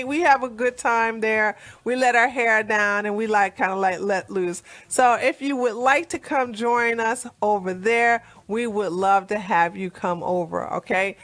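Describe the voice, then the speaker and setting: A woman hosting a live stream, chatting casually with listeners, laughing and clearing her throat as her voice cracks. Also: fairly high pitch, fairly bright tone. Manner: chatty, laughing, many fillers and restarts. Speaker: host.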